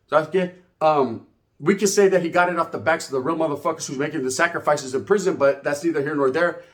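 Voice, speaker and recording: A man from rants through a story in a fairly high voice. He talks in profane street slang, drops Spanish words in, and keeps the telling animated. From California. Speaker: channel host. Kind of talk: ranting storytelling commentary.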